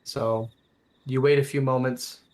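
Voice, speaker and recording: A man's voice: medium pitch, level tone, unhurried, darkish tone. Rambling male game master. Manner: loose, rambling narration with frequent fillers. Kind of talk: narrating a tabletop game.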